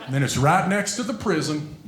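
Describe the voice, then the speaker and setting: A man performing a stand-up comedy set, telling stories about his family in an animated way. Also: a little high, brisk, echoey room, heavy background noise. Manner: animated storytelling, acting out quotes.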